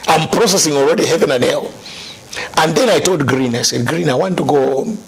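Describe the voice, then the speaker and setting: A middle-aged man telling his conversion story as a guest, animated and laughing now and then. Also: fairly high pitch, fairly quick, creaky. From Zambia. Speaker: guest sharing testimony.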